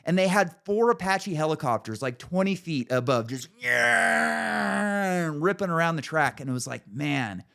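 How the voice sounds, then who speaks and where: A man's voice: fairly high pitch, animated, a little fast, few pauses, fairly bright tone. A man hosting a podcast, ranting in casual chat with an emphatic, profane manner. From United States. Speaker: podcast host.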